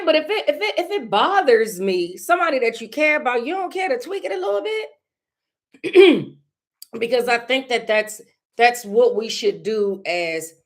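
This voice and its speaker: A woman hosting a casual live stream, talking candidly to viewers in a loose, conversational way and often clearing her throat. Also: on the high side.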